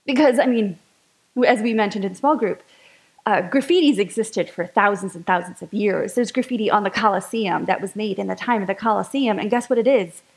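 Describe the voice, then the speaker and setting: A woman's voice: medium pitch, a little fast, low-quality recording. A woman giving a chatty, enthusiastic sermon-style talk to a spiritual community gathering.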